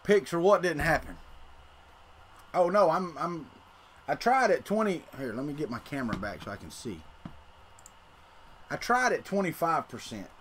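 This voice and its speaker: A man's voice: fairly high pitch, sing-song, normal speed, long pauses, fairly bright tone, a little hiss or hum. A middle-aged man, hosting a casual livestream and rambling to his chat while he tinkers. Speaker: livestream host.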